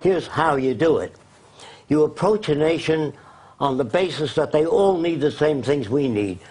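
A man with a husky, slightly high voice holds forth as an interview guest. He is blunt and emphatic, firing off lists of points in a lecturing rhythm that barely pauses for the interviewer. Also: lively intonation, a little mellow. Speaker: interview guest, social designer.

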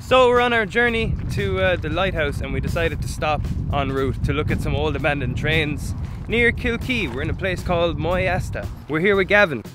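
A young man filming a casual travel vlog, excitable and swearing freely. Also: on the high side, normal speed, loud music behind the voice. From Ireland. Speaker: vlogger. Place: outdoors and inside an abandoned train.

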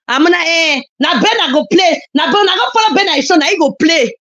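In a heated online rant, a female social media commentator with a Nigerian Pidgin accent scolds and insults her rival, breaking into loud, emphatic outbursts. She talks fairly quickly with few pauses in a very high-pitched voice, and the highs in the audio are cut off.

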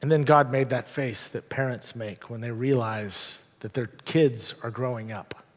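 A male pastor preaching a sermon in a church, telling the story with dramatic pauses and wry asides. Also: mid-range voice. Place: church sanctuary. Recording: long church reverb.

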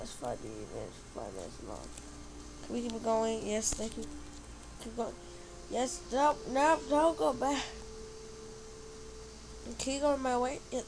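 A woman casually commentating her gameplay, excitably squealing, cheering and talking back at her opponents. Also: fairly high pitch, measured pace, creaky, long pauses. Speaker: gamer commentating her play.

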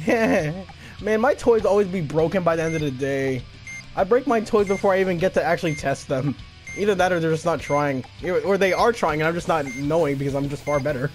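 A man's voice: on the high side, moderate pace. A young man giving live gameplay commentary, cockily trash-talking and taunting his opponent. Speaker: gaming channel host. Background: game music.

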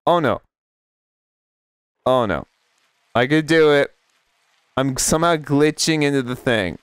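A man commentating a gameplay video, panicking and swearing, his voice jumping into high squeals. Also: expressive, unhurried, clean tone, dry recording, clean studio sound. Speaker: gaming video creator. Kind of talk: let's play commentary.

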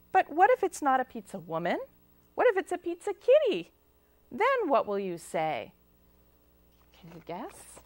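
A woman's voice: sits high, huge pitch swings, measured pace, long pauses, darkish tone. A woman reading picture books aloud to children at a library storytime, sing-song and asking them questions. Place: public library. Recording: local cable TV taping.

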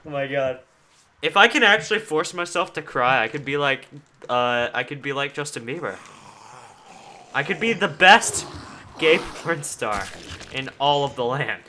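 A man's voice: fairly high pitch, lively intonation, bright, forceful tone, a little hiss or hum. A man running a game server, chatting and joking casually with friends while playing. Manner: joking, teasing, quick back-and-forth. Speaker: server owner and group leader. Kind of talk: casual gaming chat.

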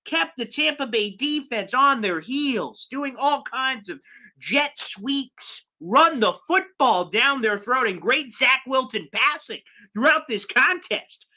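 A man hosting a live sports fan show, ranting with exasperation, swinging between loud outbursts and low mutters. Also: lively intonation, takes it slowly. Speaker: sports podcast host.

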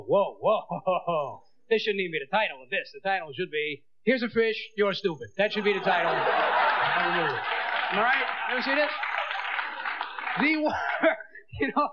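A man performing stand-up comedy, talking fast and acting out little scenes in other voices. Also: extremely high pitch. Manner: fast, animated, acting out voices of people and the movie. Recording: dull lo-fi tape with clear hiss.

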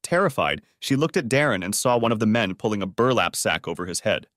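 A man reads a dramatic story aloud with a lively, rising-and-falling delivery. The recording is close and dry, with no room sound. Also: on the low side, brisk, no room sound. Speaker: audiobook narrator. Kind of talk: scripted narration.

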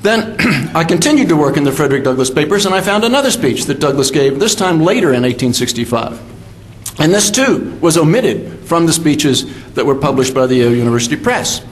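An older man, a history professor, giving a measured academic lecture with fillers and self-corrections. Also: on the high side, sing-song. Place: symposium hall.

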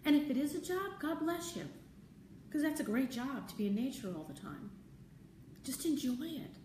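A woman hosting a live stream as a spiritual teacher, talking gently and conversationally, answering viewer comments and repeating her key phrases. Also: high voice, lively intonation, normal speed, slight background noise. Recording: roomy, distant mic, faint ambience.

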